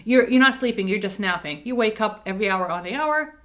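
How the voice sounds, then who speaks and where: A woman's voice: medium pitch, animated, fast. A middle-aged woman talking candidly and emphatically to camera, full of "like" and "okay.". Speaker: dental practice staff speaking on camera. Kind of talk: casual personal talk to camera.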